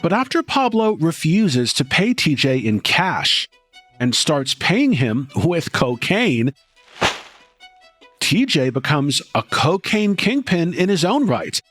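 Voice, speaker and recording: Brief: male documentary narrator, suspenseful and dramatic, slightly high, over music. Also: very animated, slow. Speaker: podcast host and narrator.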